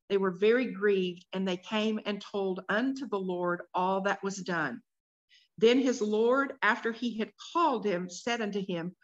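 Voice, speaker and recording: A woman's voice: mid-range voice, a bit bright. Woman teaching scripture to a group. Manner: reads scripture aloud, then asks the group questions. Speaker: Bible study teacher. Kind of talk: workshop Bible teaching. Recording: dull lo-fi recording.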